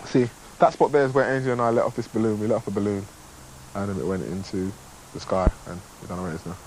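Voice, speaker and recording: A man's voice: fairly low pitch, steady tone, fast, darkish tone, rough recording. A young man with a chatty, rambling manner gives a casual handheld video tour, recorded on a camcorder mic. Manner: chatty, rambling, playful asides. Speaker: contestant filming a video diary. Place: large house indoors and on a balcony. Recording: faint hiss.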